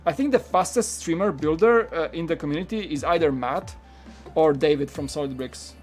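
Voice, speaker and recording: Man, Polish accent, slightly high voice, relaxed rambling live-stream chat, lots of fillers, faint background music. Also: normal speed. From Poland. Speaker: live-stream host building a toy set. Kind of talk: casual live-stream chat while building.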